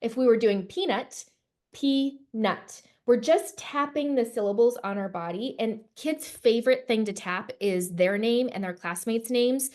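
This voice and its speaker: A woman's voice: mid-range voice, a little mellow. A woman guest educator who eagerly explains a skill step by step in casual talk.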